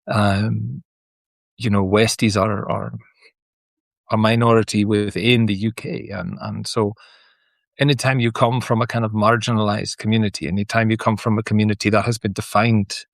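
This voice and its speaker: A man's voice: lowish voice, flat delivery, moderate pace, gravelly, dry recording. A middle-aged Scottish man, a teacher, thinking aloud in a rambling, reflective monologue with frequent restarts and asides. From Scotland. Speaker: teacher sharing personal reflections.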